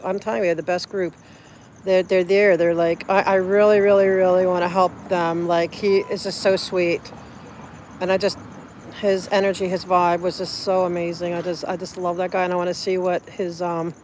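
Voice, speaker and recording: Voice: mid-range voice, a little mellow, slight background noise. A livestreamer chatting casually with viewers, effusive and rambling, with many restarts, recorded on a phone outdoors at night. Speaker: livestreamer reading viewer chat. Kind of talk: casual live-stream chat.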